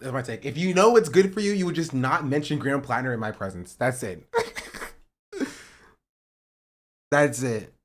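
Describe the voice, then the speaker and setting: Heated guy streamer ranting, lively voice all over the place, swears a lot, says bro. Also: medium pitch, moderate pace, long pauses. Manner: animated, swings from loud outbursts to muttering. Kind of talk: heated political rant on a livestream.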